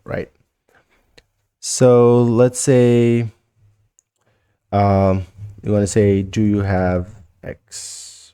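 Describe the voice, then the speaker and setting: A man with a Mauritanian accent gives a relaxed language lesson, saying each word over and over at an easy pace. His voice sits very low with a gravelly edge. The recording is close and dry. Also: dry recording. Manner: repeats words slowly, loose and chatty. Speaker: language teacher.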